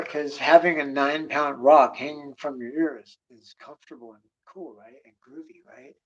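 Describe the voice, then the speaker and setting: A man telling rambling stories in a casual rant, swearing constantly and sliding between mutters and loud bursts. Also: fairly high pitch, steady tone, moderate pace, few pauses. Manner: drops to a mutter, then rises in bursts. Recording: dull lo-fi recording.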